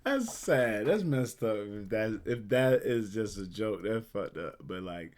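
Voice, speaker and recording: A man's voice: on the low side, animated, unhurried, darkish tone. A man hosting a reaction video, talking in slangy, incredulous casual chat.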